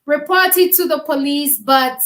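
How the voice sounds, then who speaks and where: A woman's voice: sits high, moderate pace, fairly bright tone. A woman co-hosting a casual chat, talking earnestly and emphatically, often repeating her words. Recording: echoey room.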